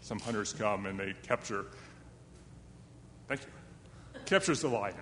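A man's voice: on the low side, lively intonation, takes it slowly, long pauses, fairly bright tone, big-room sound, a little hiss or hum. A man telling a fable to a young live audience in a chatty, self-deprecating way, with asides to his listeners. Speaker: storyteller.

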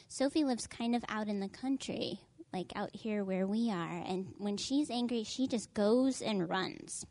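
A woman's voice: mid-range voice, unhurried, few pauses, a little mellow, no room sound. A woman, leading a children's message in church, reading a story aloud and asking the children questions.

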